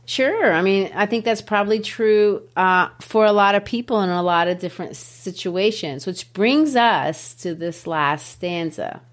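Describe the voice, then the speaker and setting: Woman teacher and podcast host, mid pitch, animated and emphatic when explaining a poem. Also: a little slow, hardly any pauses.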